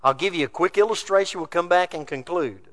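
A male pastor preaching a sermon, emphatic, rising loud then dropping low. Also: a little fast. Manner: emphatic preaching with wide swings of pitch and loudness.

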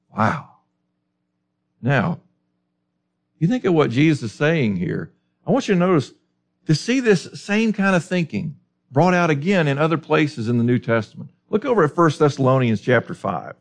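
Male preacher, fairly high voice, animated and emphatic, Bible teaching sermon. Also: normal speed, creaky. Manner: lively, emphatic Bible teaching with rhetorical questions.

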